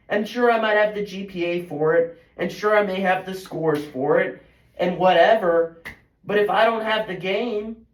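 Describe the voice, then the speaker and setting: A teenage boy and high school golfer venting in a frustrated, self-critical ramble full of restarts. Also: moderate pace. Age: teens. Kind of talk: emotional venting monologue. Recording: roomy echo.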